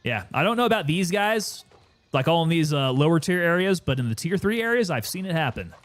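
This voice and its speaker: A man casually commenting while he plays a game and chats with viewers, relaxed and sometimes winded. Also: on the high side, brisk. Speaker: gaming streamer.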